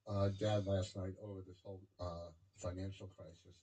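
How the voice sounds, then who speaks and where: Mellow-voiced man rambling on radio. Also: low voice, level tone, moderate pace, rough recording. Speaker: radio show guest comedian. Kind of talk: radio banter.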